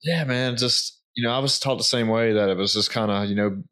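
Guy talking super fast, loose and casual, swears a bit. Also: mid-range voice, a bit bright. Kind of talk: casual conversation.

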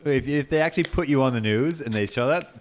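A man co-hosting a podcast, chiming in with quick, eager comments in casual chat. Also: mid-range voice. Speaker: podcast co-host.

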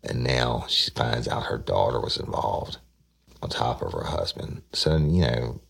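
Man, detective type, recounting a case; very deep, gravelly and husky, slips into the voices of the people he quotes. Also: animated, measured pace, fairly bright tone. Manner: retells dialogue, acting out quoted voices. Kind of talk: casual storytelling.

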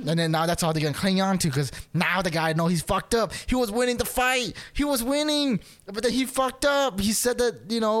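A man with a fairly high speaking voice chats casually on a podcast. He tells an argument as a story and acts out both sides of it, jumping up in pitch for the other voices. He laughs often and swears in passing. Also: fast, few pauses. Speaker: podcast co-host. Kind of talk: casual chat.

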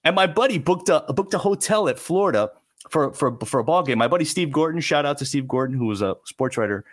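Animated man telling wild stories. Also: a little high, quick pace. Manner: animated, self-mocking, restarts phrases. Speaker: podcast guest. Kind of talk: casual storytelling. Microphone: remote call.

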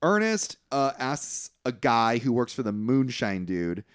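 A man's voice: medium pitch, sing-song, a little slow, clean tone. A man casually recapping a film's plot on a podcast, acting out the characters' lines as he goes and swearing freely. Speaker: podcast co-host. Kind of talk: casual movie recap chat.

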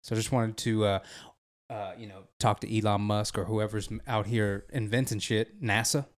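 A man's voice: fairly low pitch, fairly even intonation, moderate pace. A man chatting casually, telling a rambling story with slang and frequent laughter. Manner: laid-back storytelling, laughs often, slangy. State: driving while talking. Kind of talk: casual chat.

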